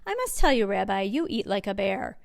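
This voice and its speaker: A woman reading a picture book aloud and voicing a kind, cheerful old grandmother who fusses over a guest and scolds gently. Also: mid-range voice, big pitch swings, a little fast, vocal fry. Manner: warm, fussing, chatty and gently scolding.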